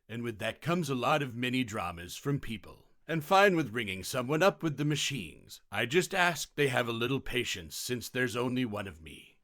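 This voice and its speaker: Lively male storyteller, dry close mic. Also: mid-range voice, no echo. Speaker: narrator. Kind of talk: scripted narration of reader stories.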